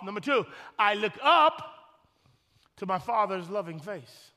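A man's voice: high-pitched, expressive, a little slow, pauses often. Male pastor, thirties, passionate sermon delivery, hall reverb. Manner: preaching, swings from loud shouted peaks to soft hushed storytelling. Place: large church hall.

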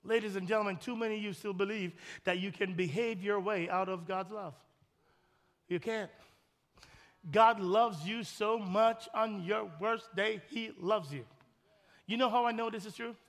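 A male pastor in his thirties delivers a passionate sermon in a large church hall, his high voice steady and moderately paced amid the hall's reverb. He swings from loud shouted peaks to soft, hushed storytelling.

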